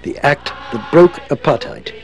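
A man reading scripted documentary narration in a measured way. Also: fairly high pitch, expressive, darkish tone, faint music behind, poor audio.

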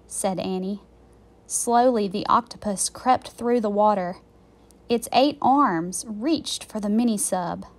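A woman teacher reading a children's chapter book aloud in a slow, clear and expressive way. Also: fairly high pitch.

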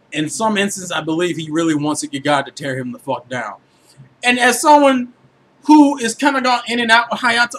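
A man giving a casual, animated anime review, full of swearing and filler words. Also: sits high. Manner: animated, profane, filler-heavy.

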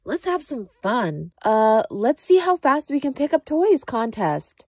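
A woman voicing a father bear who is gruff, tired and blustery, in a lowered voice. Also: sing-song, measured pace, dry recording, clean studio sound, full character voice. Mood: jolly. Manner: lowered, groaning.

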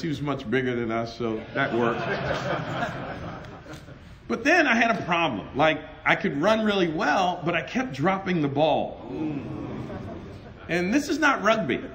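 Animated, high-pitched man preaching. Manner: animated storyteller, laughs and acts out dialogue. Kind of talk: sermon with personal stories. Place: conference hall.

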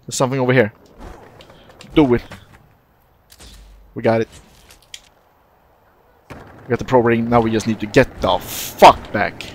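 A young man casually commentating his own gameplay, excitable and profane, often jumping into loud yelps. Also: mid-range voice, measured pace, pauses often, a little hiss or hum. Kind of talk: let's-play commentary.

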